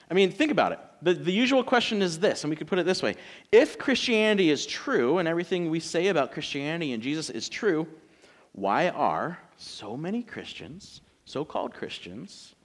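A male pastor giving a conversational, joking sermon to his church. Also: fairly high pitch.

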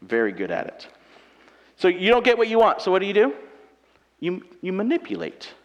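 Guy preaching to a church, bouncy voice pretty high, jokes on himself, big hall echo. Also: normal speed, lo-fi sound. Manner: animated, self-mocking humor with acted-out quotes. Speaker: pastor. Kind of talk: sermon. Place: church auditorium. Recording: long reverb of a large hall.

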